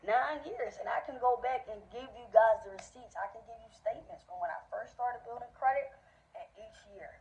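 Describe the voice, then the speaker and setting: A woman's voice: fairly high pitch, a little fast, darkish tone. A woman in her thirties, a credit management business owner, giving a casual motivational talk with direct, slangy, emphatic speech that repeats points for emphasis. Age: 30s. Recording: slightly dull sound with faint noise.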